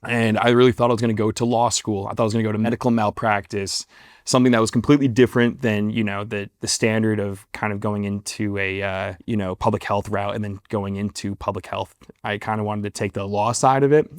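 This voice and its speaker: A man in his twenties, a guest actor, tells a long, rambling story in a casual interview, self-deprecating and full of fillers and restarts. His voice is on the low side, clear and resonant, recorded dry with clean studio sound.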